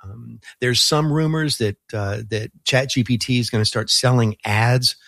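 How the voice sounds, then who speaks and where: A man talking as a guest on a Christian radio show, in relaxed and thoughtful casual talk, with many fillers and restarts and frequent chuckles. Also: mid-range voice, moderate pace, vocal fry, no room sound, studio quality. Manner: chuckles often while talking.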